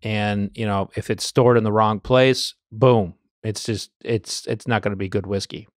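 A man's voice: on the low side, steady tone, normal speed, dry recording. Guy on a podcast rambling through a story, lots of restarts, dry close mic. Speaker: podcast co-host, bourbon collector. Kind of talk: casual chat.

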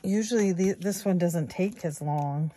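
A woman in her sixties runs a savings vlog, speaking softly and without hurry as she does savings challenges at home and calls her viewers "guys." Her voice is on the low side, picked up by a phone or camera sitting close on a table.

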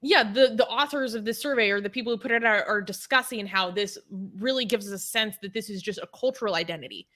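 A woman's voice: medium pitch, fast talker, few pauses, bright, forceful tone. A woman co-hosting a casual talk show, chatting, laughing easily and reading out survey figures. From Scottish and Irish ancestry, raised elsewhere. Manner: chatty, laughs often, reads out statistics. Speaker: co-host. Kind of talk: casual chat reading news and comments.

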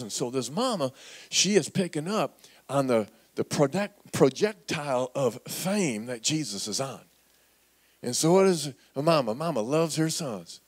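A man pastor preaching a sermon in a church, animated and calling on the congregation to repeat words back. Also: medium pitch, unhurried, breathy edge. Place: church sanctuary.

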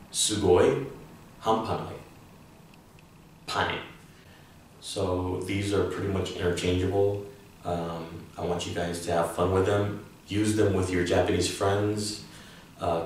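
Male language teacher, casual and filler-heavy, low slow delivery, distant and echoey recording with a faint room hum. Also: vocal fry. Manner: relaxed, lots of fillers, acts out examples with exclamations. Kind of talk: casual online lesson. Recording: very echoey room, mic far off.

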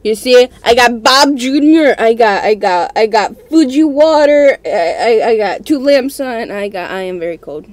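A woman's voice: on the high side, lively intonation, moderate pace, few pauses, no room sound. A woman host nervously talking through a horror game at home, repeating herself and murmuring as she plays. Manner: jittery, nervous self-talk, repeats herself. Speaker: gaming channel host. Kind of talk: let's-play horror game commentary. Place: her room at home.

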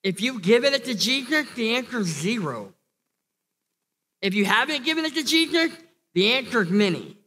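In a church hall with long reverb, a pastor delivers an earnest sermon, often restarting and repeating phrases on the way to emphatic peaks. His very high voice is sing-song and sharp, at a moderate pace.

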